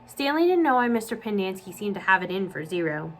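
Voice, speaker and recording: A woman children's librarian reading a novel aloud to young listeners. Her storytelling is clear and steady, and her pitch sits in an ordinary middle range. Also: fast talker, slight background noise, rough recording.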